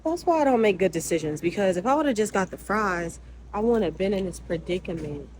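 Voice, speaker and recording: A woman's voice: mid-range voice, a little fast, a little hiss or hum, poor audio. A young woman vlogging casually from her car and a convenience store, talking expressively, ranting and swearing. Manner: expressive, animated, swears and rants. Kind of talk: casual vlog chat.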